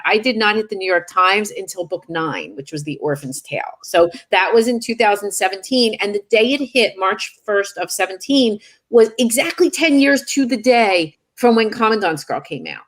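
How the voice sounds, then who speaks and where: A middle-aged woman author being interviewed, candid and self-deprecating as she tells anecdotes. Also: medium pitch. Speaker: author guest. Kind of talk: casual interview chat.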